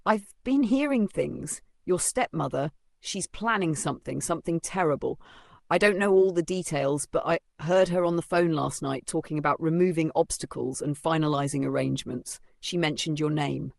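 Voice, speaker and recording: A man's voice: fairly high pitch, moderate pace, creaky, no echo, studio quality. A man voicing an older woman, a loyal family maid, pleading urgently in a narrated story. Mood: urgent, fearful.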